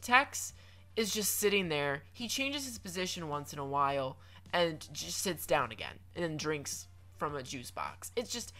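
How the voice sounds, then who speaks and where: A man's voice: on the high side, lively intonation, a little slow, sharp tone, soft background music. A young man giving chatty, playful commentary over a video game, with lots of stammered restarts and mock-dramatic asides. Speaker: gaming commentator.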